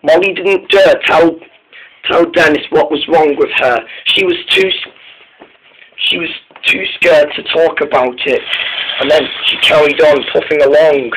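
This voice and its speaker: Halting male storybook reader. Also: on the high side, steady tone, a bit bright, slight background noise, low-quality recording. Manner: halting, many restarts and repeated words. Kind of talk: storybook narration.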